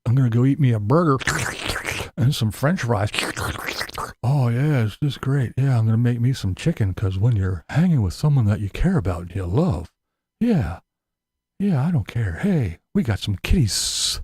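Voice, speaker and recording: A man voicing a calm, lazy middle-aged male RVer who drawls on about food. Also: mid-range voice, normal speed, slightly rough, no room sound, pitched below the performer's own voice. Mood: lazy content.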